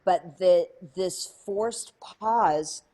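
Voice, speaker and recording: A woman's voice: on the low side, drawn-out words, mellow. A woman guest in an interview, telling a story in a chatty way with many fillers and acted-out quotes. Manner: chatty, many "like" fillers, acts out her own past lines.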